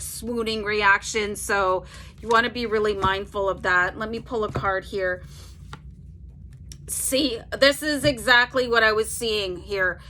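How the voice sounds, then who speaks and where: A woman giving a casual tarot reading to her audience. Her voice sits a little high and rings bright and forward. She talks in an easygoing, rambling way, leaning on "like" and tagging "okay?" onto her points. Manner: chatty, fills with "like", tags "okay?" on sentences. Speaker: tarot reader.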